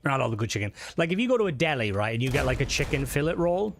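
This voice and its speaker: A man's voice: medium pitch, very animated, rapid-fire, background noise. A man chatting casually while he streams a game live, rambling and swearing and often restarting his sentences. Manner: rambling and profane, with frequent restarts.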